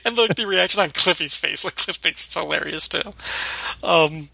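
A man's voice: a little high, normal speed, vocal fry, pushed and bright, husky, dry recording. A man hosting a podcast in casual chat, laughing as he retells scenes. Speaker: podcast host.

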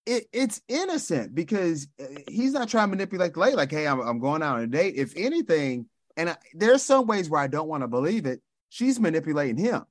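A man's voice: on the high side, very animated, brisk, hardly any pauses, no room sound, studio quality. A man co-hosting a podcast, chatting casually and joking as he acts out characters' lines. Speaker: podcast co-host. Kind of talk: casual chat recapping a sitcom episode.

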